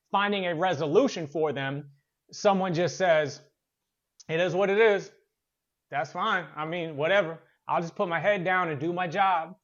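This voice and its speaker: Guy doing a motivational workplace talk, pretty high voice, earnest, kinda chatty with ums, muffled lo-fi sound. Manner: conversational, earnest, with fillers and repeats. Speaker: workplace trainer and motivational speaker.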